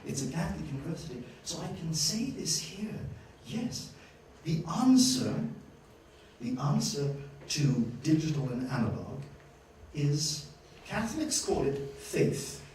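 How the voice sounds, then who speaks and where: A man giving a lively master-class lecture at a journalism school, playful and questioning his audience. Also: a little high, a little slow, a little hiss or hum. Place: university lecture hall. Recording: echoey hall, distant mic, faint ambience.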